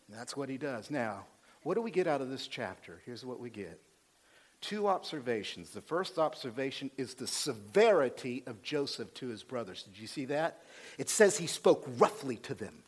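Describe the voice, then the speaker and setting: A male pastor giving an animated, conversational sermon, swinging between loud emphasis and quiet asides. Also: medium pitch, moderate pace, husky.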